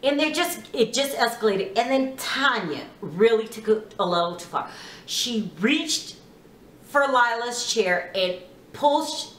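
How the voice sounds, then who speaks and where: Woman vlogger, TV recap, bright higher voice, very lively, echoey room, a bit off-mic. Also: slow pace, far from the mic, a little hiss or hum. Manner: chatty, lots of "you know", quotes people in lively voices. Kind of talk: casual TV episode recap.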